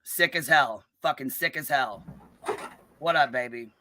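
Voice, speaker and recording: A woman hosting a live stream, ranting and calling people out in a combative, profanity-heavy way, with a notably low, bass-heavy voice. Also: measured pace, pushed and bright, slight background noise. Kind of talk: live-stream commentary rant.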